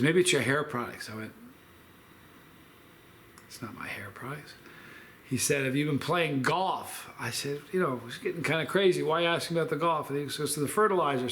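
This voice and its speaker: A man's voice: mid-range voice, quick pace, fairly bright tone, slight background noise. A man hosting a food review vlog, telling a long story in a rambling, chatty way with lots of fillers.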